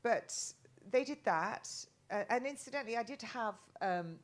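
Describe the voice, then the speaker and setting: A woman's voice: on the high side, expressive, moderate pace. A middle-aged woman from England talking as a guest in a casual live chat, rambling with many restarts and ums.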